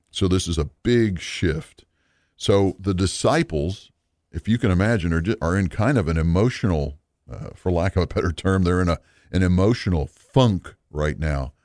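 Deep-voiced male Bible teacher, dry sound. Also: a little mellow, dry recording. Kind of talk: recorded Bible lesson.

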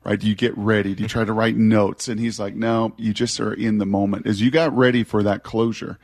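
A man co-hosting a sports radio show, firing off quick probing questions to a guest. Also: fairly low pitch, flat delivery, darkish tone. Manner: probing, rapid-fire questions. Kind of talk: casual radio interview.

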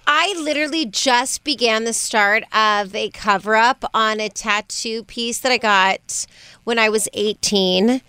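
A female radio co-host with a bright, crisp voice, telling stories expressively. The studio sound is close and dry. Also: a little high, dry recording. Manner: expressive storyteller. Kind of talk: casual radio banter.

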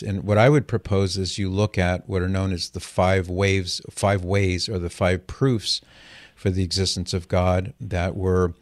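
A man's voice: sits low, dry recording. A man hosting a call-in radio show, explaining things to callers in a reassuring, explanatory way.

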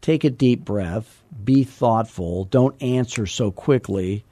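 A man's voice: medium pitch, takes it slowly, mellow, no echo. A middle-aged man hosting a podcast, coaching in a casual, joking, folksy way. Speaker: podcast host and real estate coach.

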